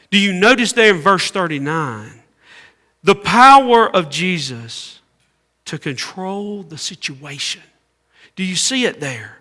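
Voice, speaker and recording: A man preaching a sermon as pastor, swinging between loud calls and hushed asides. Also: fairly high pitch. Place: church sanctuary. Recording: echoey church hall.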